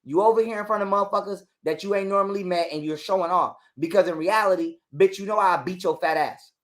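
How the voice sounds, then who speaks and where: A man's voice: sits high, fast talker, fairly bright tone. A man telling a heated, profane story as a guest on an interview show. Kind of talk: casual storytelling.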